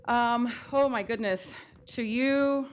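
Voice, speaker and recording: A woman mayor in her middle years speaks into a dais microphone in a council chamber. Her voice sits a little high, and her farewell tribute is heartfelt and emotional, close to tears. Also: takes it slowly, clear, resonant tone.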